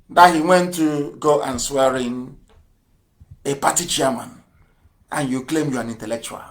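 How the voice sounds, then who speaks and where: A man giving a live radio address, fiery and mocking, firing off rhetorical questions and swinging from loud outbursts to low mutters. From Nigeria. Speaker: broadcaster.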